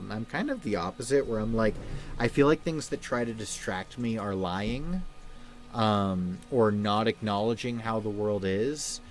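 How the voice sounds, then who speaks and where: A man hosting a casual livestream, talking in a subdued, halting way with many fillers while feeling sad. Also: fairly low pitch. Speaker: livestream host.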